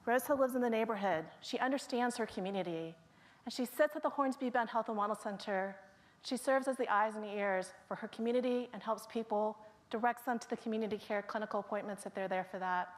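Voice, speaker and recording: A woman's voice: on the high side, a little fast. A woman speaking to her colleagues at a staff meeting, telling the stories of coworkers one by one in a storytelling manner. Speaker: staff member presenting to colleagues.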